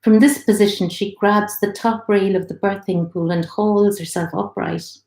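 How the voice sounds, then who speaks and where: A woman author reads her own short story aloud during a live online event, in a friendly, steady narrating voice. Her tone is mellow and soft, and the indoor room adds a roomy echo. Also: medium pitch, normal speed, creaky. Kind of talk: live literary reading.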